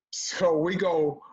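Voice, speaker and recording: A man telling a childhood story in a conversation, animated as he acts out the voices of the people in it. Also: a little high, noisy background. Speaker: comedian guest. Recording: dull lo-fi audio.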